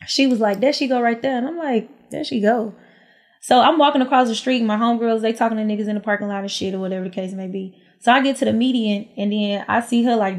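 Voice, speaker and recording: Animated young woman with a drawl. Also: fairly high pitch. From Houston, Texas. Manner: animated, acts out quotes, frequent "like" and "um". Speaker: podcast guest storyteller. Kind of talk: casual storytelling chat.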